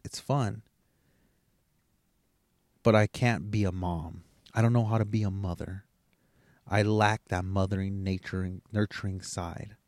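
A man's voice: lowish voice, darkish tone, no echo, studio quality. A middle-aged man hosting a podcast alone, talking in a rambling, blunt, profane motivational way. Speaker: podcast host. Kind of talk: casual motivational monologue.

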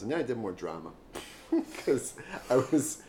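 A man's voice: medium pitch, big pitch swings, a little slow, mellow, a little hiss or hum. A man co-hosting a podcast, trading crude jokes and laughing often. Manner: joking, laughing often, mocking voices. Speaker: podcast co-host. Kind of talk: crude casual banter.

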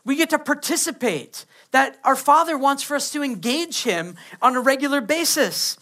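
A man's voice: very high voice, lively intonation, normal speed, bright, forceful tone. A man, preaching a sermon as pastor and acting out quoted kids and prayers.

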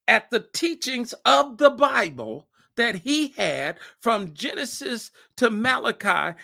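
Male pastor with a high, gravelly voice, preaching with fervor and repetition. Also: sharp tone, no echo, studio quality. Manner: impassioned preaching with repeated phrases; acts out scripture dialogue. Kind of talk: podcast sermon.

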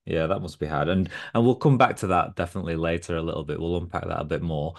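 A man with a very low voice and a gravelly edge hosts a podcast. He asks relaxed, encouraging questions at an easy pace. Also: quick pace. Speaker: podcast host. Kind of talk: casual podcast interview.

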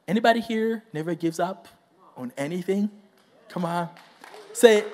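A man's voice: sits high, moderate pace, long pauses, slight background noise. A man preaching a sermon, telling a story with acted-out quotes and questions to the congregation. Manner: animated storytelling, acts out quotes, asks the crowd questions.

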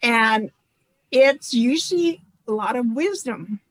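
A woman author speaking as a guest in an interview, reflective and halting, often restarting her sentences. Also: fairly high pitch, expressive, dry recording, rough recording. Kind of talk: casual interview conversation.

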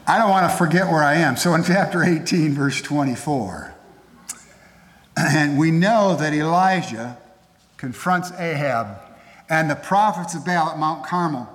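A man preaching a sermon with a fairly high voice, talking to his congregation in an emphatic, conversational manner. The sound rings out through a big church sanctuary, with long reverb trailing each phrase. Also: fairly bright tone. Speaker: pastor. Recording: echoey hall with long reverb.

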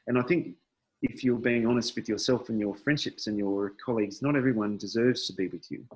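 Husky, low-voiced man musing aloud. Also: fairly quick, low-quality recording. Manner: hesitant, many fillers and restarts, thoughtful. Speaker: podcast guest. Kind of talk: reflective conversational interview.

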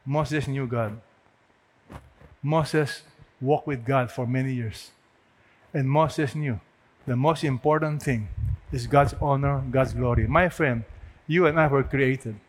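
A man's voice: mid-range voice, measured pace, long pauses. A man preaching a sermon earnestly, asking rhetorical questions and building to emphatic peaks. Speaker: pastor. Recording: long hall reverb.

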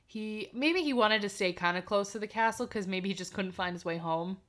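A woman's voice: medium pitch, normal speed. A woman co-hosting a podcast who reads a fairy tale aloud and breaks off for dry, joking asides. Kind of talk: casual reading with banter.

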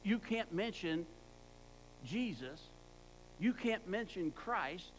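Emphatic high-voiced male preacher. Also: expressive, takes it slowly, slight background noise, low-quality recording. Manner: emphatic, repeats words for stress; stumbles and restarts words. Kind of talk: sermon.

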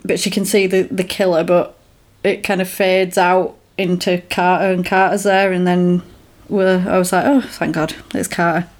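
A woman's voice: fairly low pitch, monotone, normal speed. A woman in casual chat, recapping a film and giggling as she acts out characters' lines.

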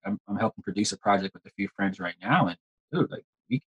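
A man's voice: lowish voice, expressive, fast, fairly bright tone, breathy edge, lo-fi sound. A young man, an actor chatting in a casual interview, rambling and repeating words. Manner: rambling, repeats words, says "like" and "you know" often. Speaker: actor guest.

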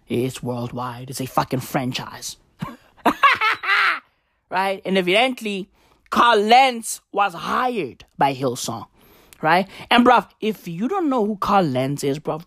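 A woman doing a profane, rambling stand-up monologue, now and then bursting into shouts. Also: mid-range voice, no echo, clean studio sound. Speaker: comedian.

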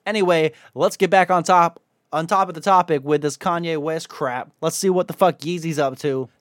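A man's voice: fairly high pitch, moderate pace, no room sound, studio quality. A man hosting his own podcast, reading the news and ranting with lots of swearing and rising anger. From Ohio. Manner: angry, profane ranting, reads news aloud. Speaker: podcast host.

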